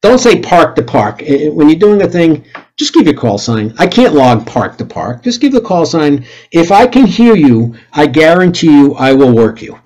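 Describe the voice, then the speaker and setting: Middle-aged guy giving a club talk, blunt and jokey, kinda high voice, suddenly yells out call signs. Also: big pitch swings, moderate pace, poor audio. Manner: blunt, joking, acts out radio calls with sudden loud outbursts. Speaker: club presenter. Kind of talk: lively presentation talk.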